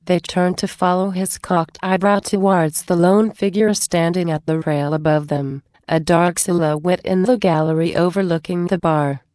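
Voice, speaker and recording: A woman reading fan fiction aloud in a steady, measured narration. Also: fairly low pitch, dry recording, clean studio sound.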